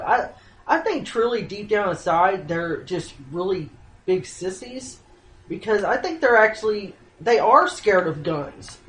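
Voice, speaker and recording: A man's voice: high voice, fairly bright tone, roomy sound, slight background noise, low-quality recording. A man in casual political chat, speaking bluntly and with strong opinions.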